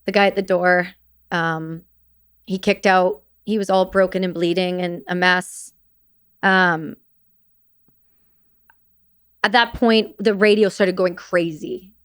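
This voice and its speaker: A woman, a military veteran and podcast guest, recounting war memories in a halting way, with restarts and blunt swearing. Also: on the low side, steady tone, a bit bright, smooth.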